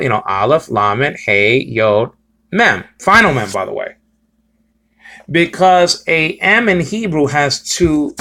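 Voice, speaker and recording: A man teaching informally, halting and repetitive, often checking in with his listeners. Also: a little high, fairly bright tone. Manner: repetitive, checks in with "okay?" and "you understand?"; halting, many restarts and fillers. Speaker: Bible teacher.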